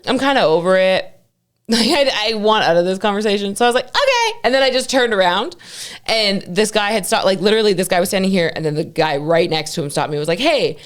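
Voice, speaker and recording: A young woman joins a podcast as a guest and tells her stories with lively energy. Her talk is loose and casual, full of swearing. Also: mid-range voice, fast talker. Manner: animated storyteller, profane. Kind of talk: casual chat.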